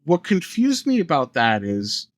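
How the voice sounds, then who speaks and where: A man's voice: a little high, wildly swooping pitch, measured pace, no echo, studio quality. A man co-hosting a podcast, casually recapping a movie's plot at length with fillers and side jokes. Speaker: podcast co-host.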